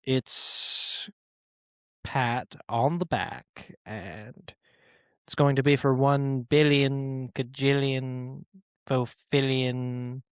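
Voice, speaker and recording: A man doing a hushed, drawn-out impression of a pompous, smug male supervillain in a dry, close recording. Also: mid-range voice, steady tone, clean tone, no room sound. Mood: mock-grand.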